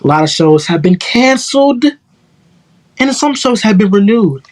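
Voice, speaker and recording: A man's voice: high-pitched, lively intonation, moderate pace, a little mellow. Upbeat talk show host, chatty man. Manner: upbeat, chatty, addresses the audience directly. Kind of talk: opening monologue to a studio audience.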